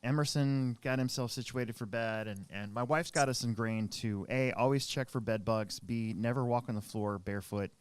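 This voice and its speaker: A man's voice: mid-range voice, moderate pace, few pauses, smooth. A man in his thirties hosting a podcast, telling a long rambling story in casual chat with many restarts. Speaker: podcast co-host.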